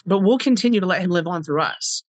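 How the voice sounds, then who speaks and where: A woman's voice: on the low side, animated, fast talker, no echo, poor audio. A middle-aged woman, a podcast guest, telling a personal story with heartfelt earnestness, acting out past conversations in quoted dialogue.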